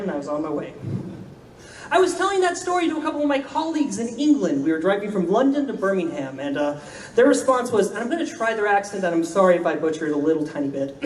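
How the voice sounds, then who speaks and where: A man from Florida telling wry, deadpan comic stories on a convention stage. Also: high-pitched, quick pace, far from the mic, slight background noise. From Florida, United States. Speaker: convention storyteller, comedian. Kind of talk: stand-up storytelling. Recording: roomy hall, voice from afar.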